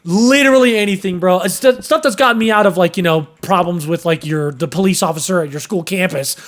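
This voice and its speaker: A young man casually telling a story on a podcast, animated, cursing and acting out sounds and voices. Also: high voice, fairly quick. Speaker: podcast host.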